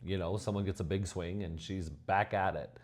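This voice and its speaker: A man's voice: sits low, fairly even intonation, normal speed. A man speaking as a college volleyball head coach, talking enthusiastically and casually about his players. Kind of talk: casual interview.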